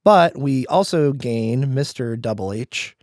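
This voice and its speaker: A man's voice: mid-range voice, lively intonation, slow, gravelly, a little mellow, no echo, clean studio sound. A young man co-hosting a podcast, chatting casually and joking in a teasing way. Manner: jokey, teasing, swoops into a mock-grand voice. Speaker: podcast co-host. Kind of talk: casual chat.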